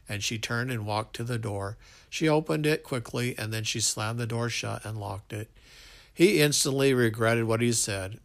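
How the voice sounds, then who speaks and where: A man's voice: fairly low pitch, fairly even intonation, unhurried, creaky, fairly bright tone. A man reading a love story aloud, stumbling now and then and restarting lines. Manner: unpolished reading with slips and restarts. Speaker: narrator.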